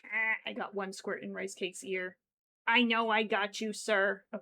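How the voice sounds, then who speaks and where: A woman chatting casually on a craft livestream, slow and chatty, at times cooing baby talk to her pet. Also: medium pitch, little pitch movement, vocal fry, bright, forceful tone, a little hiss or hum, low-quality recording. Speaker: crochet streamer.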